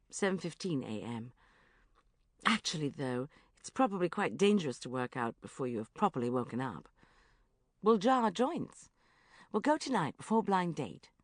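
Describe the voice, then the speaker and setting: A woman narrating a first-person comic diary audiobook in a lively, self-mocking, exclamatory way. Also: lowish voice, no room sound, studio quality.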